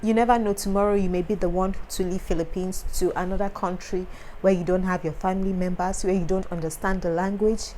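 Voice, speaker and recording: A woman's voice: lowish voice, steady tone, brisk, dark tone, a little hiss or hum, poor audio. A young woman with a Nigerian accent, a foreign medical student speaking to camera and passionately repeating her key points of advice. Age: young adult.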